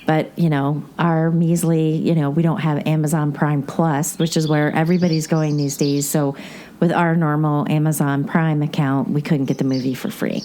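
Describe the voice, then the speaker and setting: Low-voiced chatty woman host. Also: little pitch movement, normal speed, dark tone, slight background noise. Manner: rambling, chatty storytelling with many asides. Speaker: podcast host. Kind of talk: casual movie recap chat.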